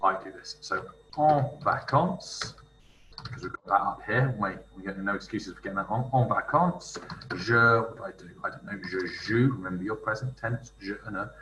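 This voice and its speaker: A man teaching in a screen-recorded tutorial, thinking aloud as he types and reading French phrases slowly. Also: fairly low pitch, fairly even intonation, bright, forceful tone, far from the mic. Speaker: language teacher. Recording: roomy room with faint noise, slightly off-mic.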